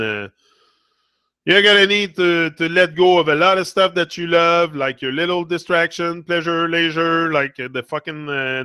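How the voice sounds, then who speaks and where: A man's voice: fairly high pitch, sharp tone, clean tone, no echo. A man who speaks French first, talking in English with a French accent, giving an earnest, rambling motivational talk. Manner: rambling, self-correcting, earnest. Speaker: motivational vlogger. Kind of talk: casual live motivational talk.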